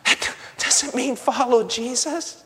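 A male pastor preaching a sermon with passion, dropping to a hush and then rising to a shout. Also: very high voice, slow pace, long reverb tail, a little hiss or hum. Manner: impassioned, swings from hushed to shouting.

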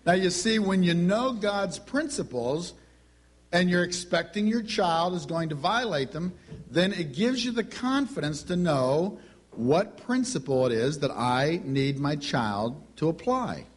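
A man's voice: fairly high pitch, lively intonation, measured pace, slight background noise. A middle-aged man giving a teaching talk on Christian parenting, telling family stories and acting out the dialogue. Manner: storytelling, acts out family dialogue.

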